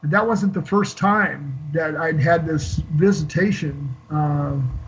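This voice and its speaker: A man's voice: a little high, fairly bright tone, slight background noise. Older man telling a raw story, lo-fi. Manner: halting, many fillers and restarts. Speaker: guest. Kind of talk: emotional personal storytelling. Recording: dull lo-fi call audio.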